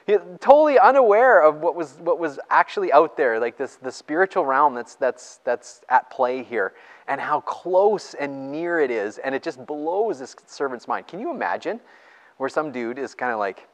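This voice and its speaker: A man preaching a sermon in a church and reading scripture aloud. He talks in an excited, chatty way and laughs between his points. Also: mid-range voice, normal speed, in a large hall. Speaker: pastor.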